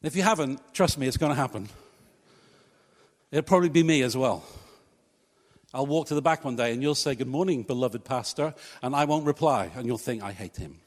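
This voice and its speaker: A man's voice: mid-range voice, brisk, pauses often, in a large hall. A male pastor preaching a sermon in a church, talking conversationally and joking with the congregation. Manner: conversational, humorous asides to congregation. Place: church hall.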